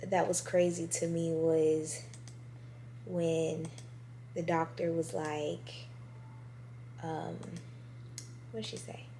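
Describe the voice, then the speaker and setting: A woman's voice: sits low, little pitch movement, drawn-out words, long pauses, warm tone, a little hiss or hum. A pregnant woman in her twenties chatting casually to her viewers at home, speaking straight to camera. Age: 20s. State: heavily pregnant. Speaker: vlogger. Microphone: on-camera mic.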